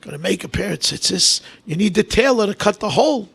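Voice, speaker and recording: A man preaching as a rabbi, telling stories in an animated way, swinging between loud bursts and hushed asides, with Hebrew and Aramaic terms mixed in. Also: sits high, a little fast, creaky, breathy edge. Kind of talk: storytelling sermon.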